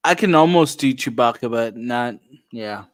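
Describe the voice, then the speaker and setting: A man's voice: mid-range voice, animated, moderate pace. A man hosting a casual stream chat, rambling with lots of ums and some cussing. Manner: rambling with many ums and profanity. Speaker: streamer host.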